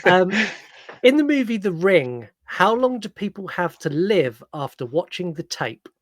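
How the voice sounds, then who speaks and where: A chatty young man hosting a podcast and joking with his guests, his voice a little high for a man. He talks casually with plenty of ums, and his voice sounds dry and close, with no room sound. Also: very animated, a little slow, no room sound. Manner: chatty, jokey, many ums. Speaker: podcast host.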